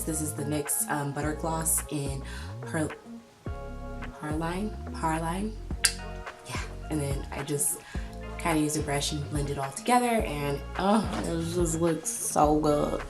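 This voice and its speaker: A woman's voice: deep voice, normal speed. A young woman vlogging casually from her car into a phone camera, chatty and giggly, full of "um" and "like". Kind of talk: casual vlog chat. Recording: music playing clearly behind. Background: music.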